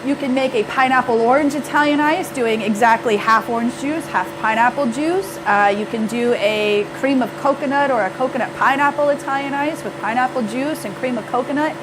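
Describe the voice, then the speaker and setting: A woman walks through a demonstration in a confident, matter-of-fact way. Her voice sits somewhat high. Clear background noise runs under her. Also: brisk, few pauses. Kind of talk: demonstration talk.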